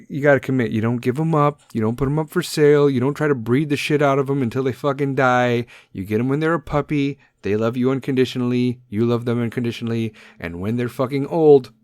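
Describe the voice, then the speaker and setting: A man's voice: medium pitch, darkish tone, no echo, clean studio sound. A man in his thirties hosting a podcast from home, talking casually, bluntly and with emotion, swearing freely. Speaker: podcast host. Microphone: podcast microphone.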